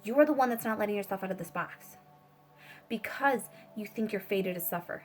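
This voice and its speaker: Over soft background music, a female tarot reader rambles through a casual spiritual reading, full of fillers and free swearing. She speaks briskly in a mid-range voice.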